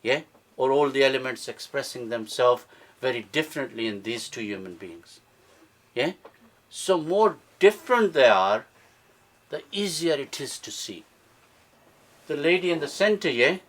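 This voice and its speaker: A man's voice: mid-range voice, expressive, moderate pace, fairly bright tone. Man quizzing a live audience. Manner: engaging, quizzes the audience, keeps checking with "yeah?". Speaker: speaker at a book launch. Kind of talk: interactive teaching talk to a live audience. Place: event room with a live audience.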